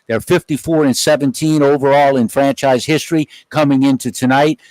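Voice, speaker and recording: A middle-aged male play-by-play announcer calls a football game in a relaxed, folksy way, adding chatty asides. His voice sits at an ordinary pitch and sounds close and dry, with no room around it. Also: brisk, no echo, poor audio. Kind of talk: sports commentary.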